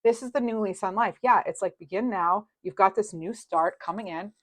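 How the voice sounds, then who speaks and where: A woman's voice: mid-range voice, normal speed. A woman reading tarot cards in a casual, rambling and reassuring way, with many fillers. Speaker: tarot reader.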